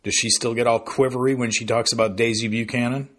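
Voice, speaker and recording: A man voicing a quick-witted teenage sister who teases her brother. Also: medium pitch, level tone, fairly bright tone, natural voice. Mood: teasing. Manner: wry, teasing.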